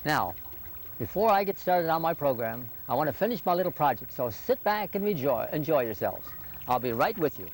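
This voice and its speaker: A man's voice: fairly high pitch, sing-song, fairly quick. A man hosting a folksy how-to gardening show outdoors, talking straight to viewers in a chatty, homespun way. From Northern Virginia. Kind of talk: folksy how-to presentation to camera. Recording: faint background noise, 1980s local TV.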